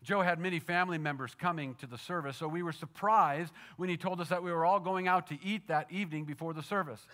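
In this sermon, a male pastor's fairly high voice races along with hardly any pauses. His storytelling shifts from animated bursts to hushed softness, and he leans on repetition to build each point.

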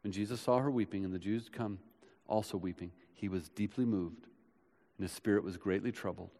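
A man preaching a sermon as pastor, swinging from loud urgent builds to soft hushed passages, recorded in a church. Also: lowish voice, steady tone, a little fast. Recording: long hall reverb.

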